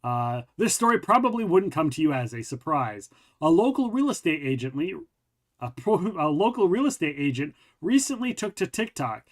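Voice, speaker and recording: A man's voice: fairly high pitch, very animated, normal speed. A man hosting a casual podcast, reading articles aloud and joking around, swearing freely. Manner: rambling, jokey, swears freely. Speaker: podcast host.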